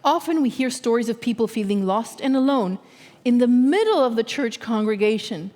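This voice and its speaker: A woman's voice: on the high side, expressive, darkish tone. Earnest woman preaching in a reverberant hall. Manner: earnest, measured, often checks in with listeners. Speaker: guest speaker. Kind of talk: sermon. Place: church sanctuary.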